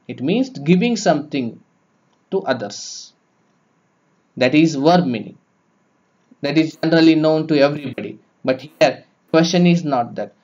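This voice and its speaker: Slow-spoken man teaching grammar. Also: on the high side, a little mellow. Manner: slow, repetitive, explaining step by step. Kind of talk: explaining grammar lesson. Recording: dull lo-fi recording.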